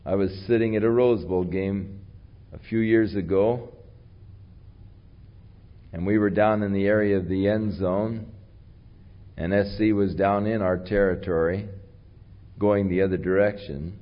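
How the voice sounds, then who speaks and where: Guy preaching, fairly low voice that carries, chatty storytelling, muffled old tape. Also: measured pace, pauses often. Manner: conversational storytelling, animated swings in pitch and loudness. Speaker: pastor. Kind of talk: sermon.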